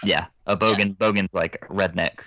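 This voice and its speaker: A woman in a podcast chat, chiming in with quick interjections. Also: a bass voice, fairly even intonation, fairly bright tone, no room sound, dull audio. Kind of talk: casual chat.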